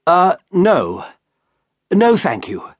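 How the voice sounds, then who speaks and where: A man reading an audiobook, voicing a reserved, courteous gentleman who is ill at ease. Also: high voice, huge pitch swings, very slow, no room sound, voice pushed up, full character voice. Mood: uneasy, polite. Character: polite, uneasy gentleman visitor, male. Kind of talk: audiobook character voice.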